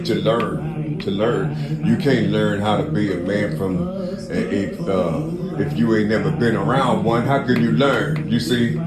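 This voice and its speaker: A man's voice: on the low side, reverberant. A man by a river at night giving a profane, preachy, rambling monologue, repeating "you see" often. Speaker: vlogger.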